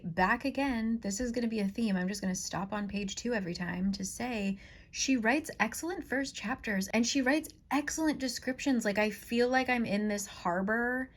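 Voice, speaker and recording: A woman chatting casually and bluntly as she reviews a book she is reading, with excitable outbursts and free swearing. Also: on the high side.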